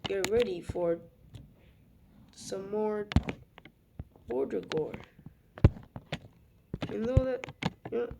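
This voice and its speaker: A young woman narrating a map video in a casual, rambling way, with self-mocking asides and soft muttered remarks. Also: mid-range voice, slow, pauses often. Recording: loud background noise.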